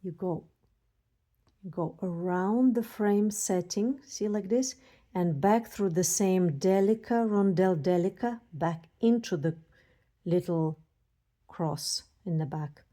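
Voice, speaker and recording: Gushy excited lady showing off beads, slow unhurried talk, mellow soft voice. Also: on the low side. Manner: excited, gushing, scattered thoughts. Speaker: beading designer and tutor. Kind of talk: casual unboxing and how-to demo.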